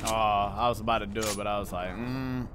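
A young man streaming a game, talking in excitable slang, swearing and calling everyone bro. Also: lowish voice, a little fast. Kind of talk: live gameplay commentary. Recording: noisy with clicking keys.

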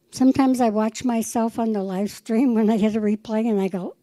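Middle-aged lady pastor preaching hard, highish warm voice, dry close sound. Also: steady tone, brisk, hardly any pauses, dry recording, low-quality recording. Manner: fervent, quotes the Lord in dialogue. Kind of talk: sermon.

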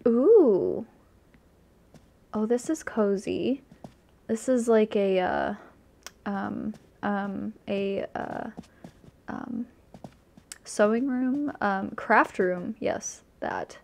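A woman's voice: mid-range voice, lively intonation, extremely slow, vocal fry, long pauses, darkish tone. A woman giving casual, gushing commentary while she tours a game island, easily delighted and chatty. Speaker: streamer touring a game island.

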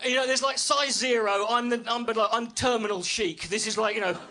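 A man's voice: extremely high pitch, brisk, sharp tone. A man doing a stand-up routine on a club stage, brash, sweary and self-mocking. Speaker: stand-up comedian. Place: comedy club stage with audience.

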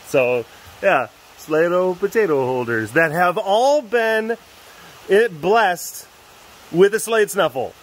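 A man's voice: high voice, expressive, slow, rough recording. A man vlogging casually outdoors at a wild animal facility, rambling playfully with lots of fillers. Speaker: big cat keeper and vlogger. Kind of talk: casual vlog talk.

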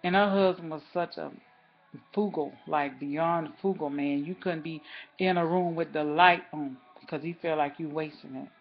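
A woman's voice: low-pitched, steady tone, normal speed, dull audio, faint music behind. A woman vlogger telling a rambling story in a casual, chatty way, talking straight to her viewers.

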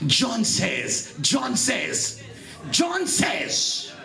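A man's voice: extremely high pitch, wildly swooping pitch, drawn-out words, vocal fry, over music. A Jamaican-born man preaching a sermon to his congregation, emphatic and repeating his phrases, calling out to the listeners. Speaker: pastor. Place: church hall.

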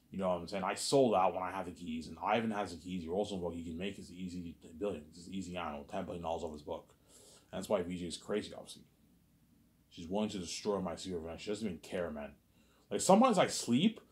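Low-voiced man ranting in a monologue. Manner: repetitive, profane, agitated ranting. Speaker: vlogger. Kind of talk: rambling personal monologue.

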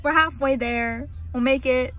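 A woman's voice: high voice, fairly even intonation, measured pace, a bit bright, faint music behind. A young woman vlogging her day in a chatty, self-mocking way, sometimes dropping to a near whisper. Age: young adult. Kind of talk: casual vlog chat.

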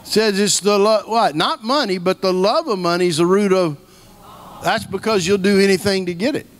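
Male preacher, middle-aged, high-pitched, folksy storyteller who repeats for emphasis. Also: normal speed. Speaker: guest preacher. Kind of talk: sermon.

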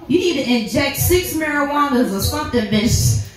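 Brash young female stand-up comic, high voice, profane, giggly; heavy room echo from a distant mic, faint music. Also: expressive, normal speed, hardly any pauses, slight background noise. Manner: brash, profane, laughing at her own jokes. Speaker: stand-up comedian. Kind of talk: stand-up comedy set. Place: comedy club stage. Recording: echoey club sound from a distance with faint music.

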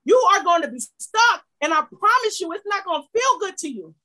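A woman pastor preaching a fervent sermon, swinging from shouting to quiet asides. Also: extremely high pitch, very animated, a little fast, poor audio.

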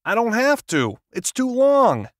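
A man voicing a gruff, sardonic middle-aged literary agent who talks in a brusque, clipped, sarcastic way, read as an audiobook character. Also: very high-pitched, huge pitch swings, measured pace, no room sound, clean studio sound, pitched above the performer's own voice, full character voice.

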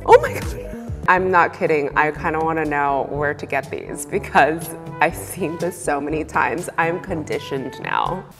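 A woman hosting a casual reaction video, animated and quick to exclaim and laugh. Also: deep voice, in a large hall, music in the background. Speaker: pointe shoe fitter and channel host.

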